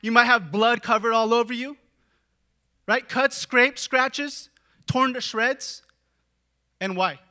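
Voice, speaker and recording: High, bright-voiced young preacher. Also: male voice, steady tone, takes it slowly, long pauses. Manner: dramatic swings from hushed to shouting; conversational, with filler "like" and "right?". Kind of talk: sermon.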